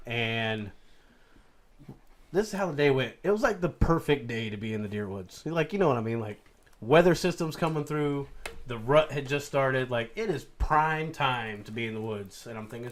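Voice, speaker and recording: A man's voice: mid-range voice, normal speed. A man co-hosting a casual podcast from a home kitchen, telling stories with lots of laughter. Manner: animated storyteller, laughs often. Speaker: podcast co-host. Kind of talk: casual chat.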